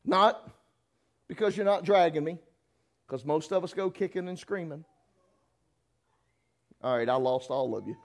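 A man's voice: a little high, measured pace, pauses often. A man preaching a sermon, folksy and teasing, acting out little voices as he goes. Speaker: pastor.

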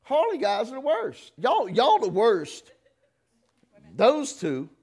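A man's voice: very high voice, wildly swooping pitch, takes it slowly, a little mellow, breathy edge. A man preaching a sermon, folksy and teasing, acting out little voices as he goes. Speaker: pastor.

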